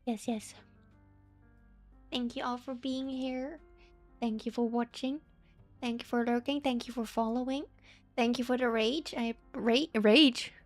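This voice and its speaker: Chatty woman with a higher voice. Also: steady tone, a little slow, pauses often, a little mellow, faint music behind. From Netherlands. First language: Dutch. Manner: chatty, self-deprecating, laughs often. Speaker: streamer. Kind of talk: casual live-stream chat.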